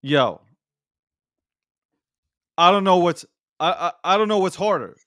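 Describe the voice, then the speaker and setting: A man with a high, lively voice that jumps all over the place, talking in a blunt, profane and excitable way. He is casual-chat hosting, and the sound is close and dry with no room around it. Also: a little slow, dry recording. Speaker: podcast host.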